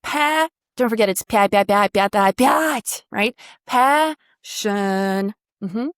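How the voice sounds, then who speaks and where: A woman coaching pronunciation in a one-on-one lesson, her voice sitting a little high. She models each sound, sings it out and keeps praising the student. The sound is dry and close. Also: expressive, measured pace, no room sound.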